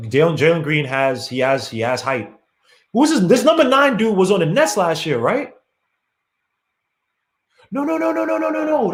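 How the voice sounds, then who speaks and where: A man's voice: mid-range voice, a little hiss or hum. Rambling man in an echoey room. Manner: frustrated, apologetic, rambling with many fillers. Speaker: podcast host streaming a game watch. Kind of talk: casual live game commentary.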